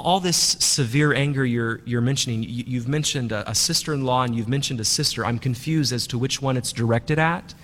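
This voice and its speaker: A man's voice: medium pitch, pushed and bright, long reverb tail. A man preaching as a priest, who talks emphatically and repeats his key phrases. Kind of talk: sermon.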